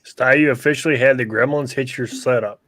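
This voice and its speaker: A man's voice: mid-range voice, fairly even intonation, a little fast, fairly bright tone, dry recording. A man in a casual live-stream chat who jokes in easygoing banter.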